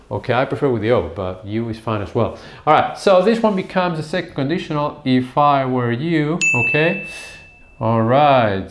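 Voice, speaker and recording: A man teaching English grammar at a whiteboard, explaining patiently step by step and drawing out words as he writes. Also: mid-range voice. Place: classroom with a whiteboard. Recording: echoey room.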